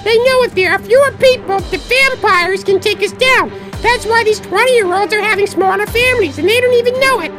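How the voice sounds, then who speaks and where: Manic red puppet monster, squeaky and shrill, yelling conspiracies over music. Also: a little fast, few pauses. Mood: ranting. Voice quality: squeaky, falsetto. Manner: shouting paranoid rants. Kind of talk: parody ad with music. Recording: loud music behind.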